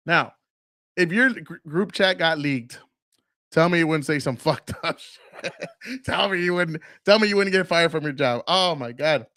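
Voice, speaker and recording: This solo podcast host, in his forties, speaks a little high and a bit bright at a moderate pace. His delivery is loose, profane, and filler-heavy, punctuated by a lingering cough, recorded clean in a studio with no room sound.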